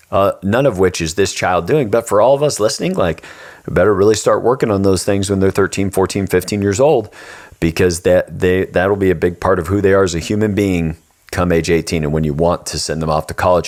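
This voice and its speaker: A man with a notably low, deep voice hosts a podcast in a relaxed, conversational way. He tells stories with energy, slipping into voices for the characters, then turns earnest as he offers advice. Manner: animated storyteller, acts out the characters. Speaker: podcast host. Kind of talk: casual storytelling chat.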